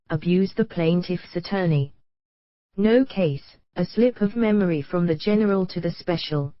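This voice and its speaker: A woman narrates an audiobook in a measured, even read, moving steadily through short anecdotes. Her voice sits at an ordinary middle pitch. The sound is dry and a little dull, with no room around it. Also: dry recording.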